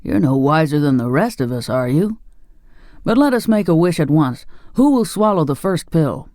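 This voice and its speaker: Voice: mid-range voice, big pitch swings, moderate pace, a little mellow, no room sound, natural voice. A narrator voicing a polite straw-stuffed scarecrow in an audiobook, close to the narrating voice.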